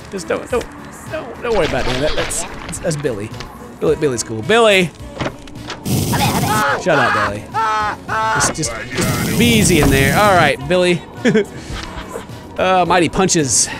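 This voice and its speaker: A man giving comedic gameplay commentary, joking around and shouting at game characters. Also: on the high side. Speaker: gaming channel host. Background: game music.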